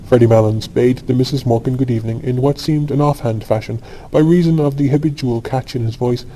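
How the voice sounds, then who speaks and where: A man narrating a classic short story as a sleep audiobook, in a calm, even, unhurried reading. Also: mid-range voice, slight background noise, rough recording.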